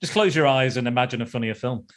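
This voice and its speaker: A podcast host with a mid-range voice talks fast and animatedly in a casual chat reviewing a film. He often repeats himself and restarts his phrases.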